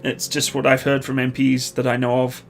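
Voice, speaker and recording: A Canadian man, likely in his thirties, hosting a live stream, reading viewer questions and answering in a relaxed, rambling way with many pauses. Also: mid-range voice, gravelly, soft background music. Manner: relaxed, chatty, hesitant with many uhs.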